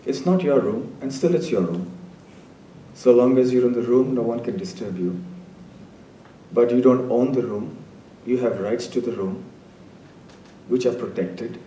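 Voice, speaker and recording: A man voicing a lazy, mocking wandering holy man who explains things in a calm, amused tone. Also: measured pace, pauses often, close to an everyday voice. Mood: explaining. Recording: roomy distant hall sound, faint rumble.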